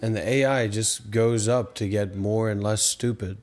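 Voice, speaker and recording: A man's voice: lowish voice, steady tone, moderate pace, a little mellow. Exasperated man hosting a meditation livestream. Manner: rambling and exasperated, with repeated rhetorical questions. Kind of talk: casual livestream talk.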